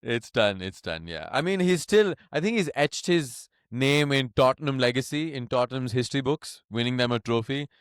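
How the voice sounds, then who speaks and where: A man co-hosting a relaxed football podcast, with a smooth, resonant voice recorded close and dry. He talks in a measured, analytical way and laughs easily. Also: mid-range voice, no echo. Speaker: podcast co-host. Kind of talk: casual football chat.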